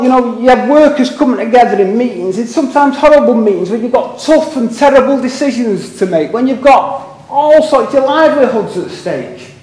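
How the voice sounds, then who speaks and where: An older man with a Liverpool accent speaks at a public meeting, earnest and a little rambling, breaking off for wry asides about himself. His voice sits unusually high for a man. The sound carries a strong echo from the hall. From England. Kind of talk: impassioned public speech.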